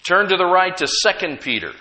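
A man's voice: sits high, very animated, fairly quick, sharp tone. A man preaching a sermon, emphatic, repeating key phrases and leading the congregation in call-and-response.

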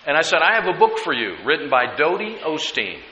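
A man's voice: a little high, big pitch swings, bright, forceful tone. Emphatic male pastor preaching in an echoey hall. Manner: emphatic, repeats key lines slowly for stress. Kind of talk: sermon. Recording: echoey hall, dull lo-fi with hiss.

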